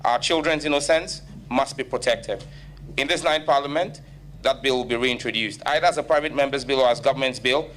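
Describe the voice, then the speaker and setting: A man's voice: medium pitch, fairly bright tone, slight background noise. A man with a Ghanaian accent answering as a nominee at a parliamentary vetting, firm and emphatic. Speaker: ministerial nominee.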